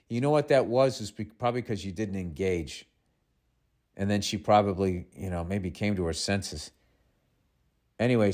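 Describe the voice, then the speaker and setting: A podcast host in his fifties with a Boston accent reads a listener's letter aloud. He keeps breaking off into sarcastic, exasperated comments, swinging between dry reading and loose ranting at a mid-range pitch. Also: a little mellow.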